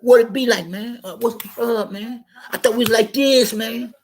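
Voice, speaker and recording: A man voicing a pushy, needy male drinking buddy who whines in a high, pleading voice. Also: fairly even intonation, normal speed, slight background noise. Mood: whining.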